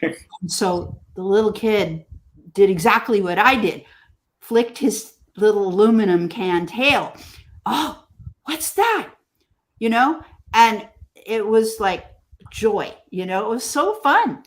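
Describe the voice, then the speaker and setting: A woman mosaic artist being interviewed, telling stories gently and acting out what people say. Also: medium pitch. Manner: slow, gentle storytelling with lively quoted voices. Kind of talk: casual interview conversation.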